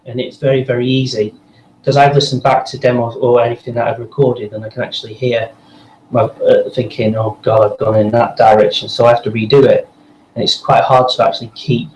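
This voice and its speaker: A man's voice: medium pitch, flat delivery, brisk. A man, a voice actor chatting loosely in an interview, rambling with restarts. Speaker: voice actor guest. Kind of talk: casual interview chat. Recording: echoey room with faint noise.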